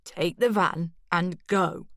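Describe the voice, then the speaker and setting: A woman voicing a hoarse, anguished woman with a strained voice. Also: lowish voice, slow, fairly bright tone, no room sound, studio quality. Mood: strained urgency.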